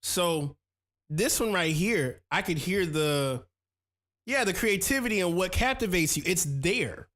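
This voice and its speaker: High-voiced and a bit bright, this man speaks slightly slowly with lively intonation. The thirty-something host of a casual livestream reads out viewer comments and reviews their beats, chatting loosely in slang about making music.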